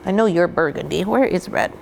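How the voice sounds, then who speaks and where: A woman dog breeder giving an instructional demonstration, gently cooing at the puppies now and then. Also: on the low side, fairly quick, gravelly, slight background noise.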